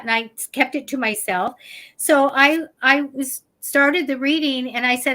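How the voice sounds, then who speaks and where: Female psychic host, casual storyteller, bright tense tone. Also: high voice, moderate pace. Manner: animated, chatty, acts out quotes. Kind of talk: casual storytelling on a live show.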